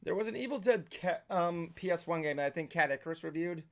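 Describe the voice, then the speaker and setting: A male podcast host with a slightly high voice, talking in a casual, excitable way. He swears freely and fills his sentences with "um" and "like". The chat is loose and unscripted. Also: quick pace. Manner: excitable, swears freely, lots of filler words. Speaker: talk show host.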